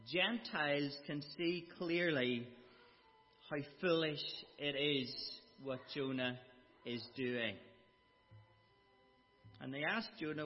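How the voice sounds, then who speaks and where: Slow, emphatic preacher in an echoing hall. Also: male voice, medium pitch. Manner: slow, emphatic Bible exposition with dramatic quoted speech. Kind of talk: sermon. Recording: dull sound with long hall reverb.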